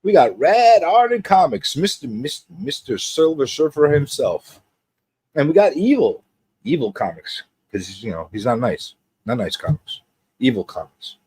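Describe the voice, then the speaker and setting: A male host rambles and teases as he greets viewers on a casual livestream, his sing-song pitch swinging widely from line to line. He keeps a measured pace, and his voice is a little mellow with a breathy edge. The sound is dry and close, with no echo or room around it.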